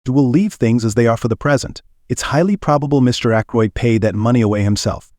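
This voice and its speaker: A man voicing a brisk, practical male police inspector asking businesslike questions. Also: mid-range voice, a little mellow, no room sound, studio quality, natural voice.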